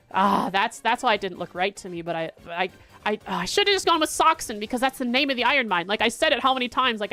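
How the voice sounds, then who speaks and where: A woman's voice: on the high side, pushed and bright. Chatty woman streamer thinking aloud. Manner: thinks aloud, chatty, halting with repeated restarts. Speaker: livestreamer. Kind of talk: casual livestream chat while playing a quiz.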